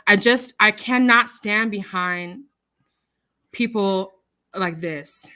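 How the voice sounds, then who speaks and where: A woman hosting a casual livestream chat, animated and outspoken, quoting scripture and swinging between loud outrage and hushed apologies. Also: mid-range voice, slow pace, smooth. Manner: religious, quotes scripture. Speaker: livestream host.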